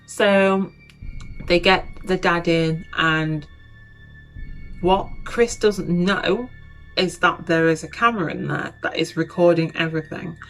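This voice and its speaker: A woman's voice: lowish voice, takes it slowly, faint music behind, rough recording. A young woman casually retelling a documentary on her channel, chatty and full of you-knows, acting out the quotes. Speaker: YouTuber.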